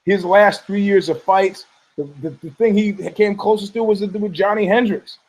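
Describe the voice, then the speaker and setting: Heated, high-voiced male podcast host. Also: fairly even intonation, moderate pace, a little mellow, rough recording. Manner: profane, heated, repetitive restarts. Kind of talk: rambling combative commentary.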